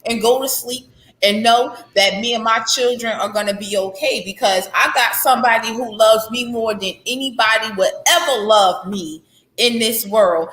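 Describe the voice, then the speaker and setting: A woman in her thirties talks about faith and healing with a bright, forceful voice sitting a little high. She circles back on her phrases for emphasis. The sound is roomy and echoey. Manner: heartfelt, faith-filled, repetitive emphasis. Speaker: author guest. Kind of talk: candid interview conversation. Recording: echoey room.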